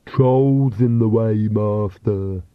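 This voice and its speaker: A man voicing a doleful, put-upon male servant who speaks slowly in a grumbling, deadpan way. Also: fairly low pitch, dry recording. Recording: dull, dry audiobook recording.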